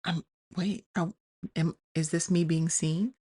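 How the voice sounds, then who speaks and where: A woman hosting a podcast, thinking out loud in a candid, confessional way and often restarting her sentences. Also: lowish voice, fairly even intonation, slow, breathy edge. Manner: confessional, self-questioning, many restarts; addresses listeners as "y'all". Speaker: podcast host. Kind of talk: candid personal monologue.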